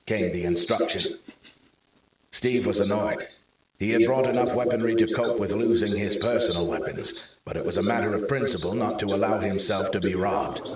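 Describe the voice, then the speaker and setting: A man's voice: lowish voice, moderate pace, recorded from a distance. Male narrator in a very echoey room. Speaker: audiobook narrator. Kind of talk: scripted narration.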